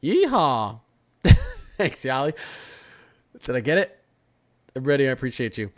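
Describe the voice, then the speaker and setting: A young man hosts a live weather stream in a loose, chatty way. He often restarts and repeats his words while he talks through forecasts and replies to viewers. His voice sits at an ordinary middle pitch for a man. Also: expressive, a little fast. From Florida. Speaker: weather livestream host. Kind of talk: casual live weather commentary.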